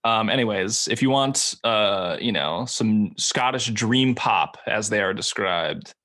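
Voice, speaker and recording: A man's voice: lowish voice, expressive, unhurried, a bit bright. A man co-hosting a casual music podcast, riffing and joking. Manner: jokey, riffing. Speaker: podcast co-host. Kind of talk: casual chat.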